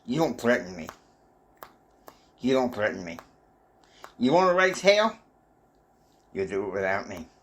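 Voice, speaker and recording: A man playing a defiant son, low and sullen. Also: sing-song, a little slow, long pauses, a bit bright, breathy edge, heavily acted. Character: defiant young man arguing with his father.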